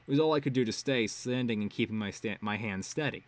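A man's voice: medium pitch, quick pace. A man reading a web serial aloud casually, with ad-lib asides and swearing. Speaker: reader.

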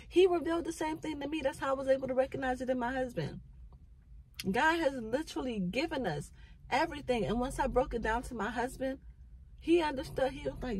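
A woman's voice: sits high, brisk, a little hiss or hum, rough recording. A middle-aged woman, a mother, sharing an earnest faith-based reflection, repeating phrases for emphasis and holding back tears. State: near tears. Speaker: vlogger.

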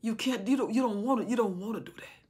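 A woman explaining a Bible chapter, swinging between loud preaching and hushed whispers. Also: on the high side, fast, breathy edge. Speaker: Bible teacher.

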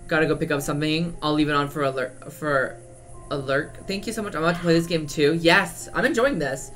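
A man's voice: on the high side, fairly quick, a bit bright, soft background music. A drag queen game streamer, chatting casually and sassily with viewers between lines. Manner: chatty, sassy asides to chat.

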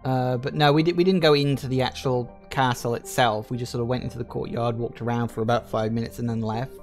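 A man's voice: medium pitch, fairly even intonation, fast, soft background music. A man with an English Midlands accent giving chatty, joking live commentary while streaming a game and answering his chat. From England.

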